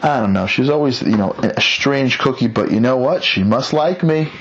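Man voicing a smug gloating villain, deeper. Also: expressive, moderate pace, highs cut off, a little hiss or hum, natural voice. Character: scheming boastful male villain, gleeful and arrogant.

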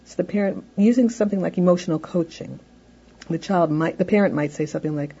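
A woman's voice: lowish voice, quick pace, dark tone, slightly rough, lo-fi sound. A woman lecturing on parenting, explaining steps in a conversational way and often saying "you know". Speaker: parenting educator. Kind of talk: recorded lecture.

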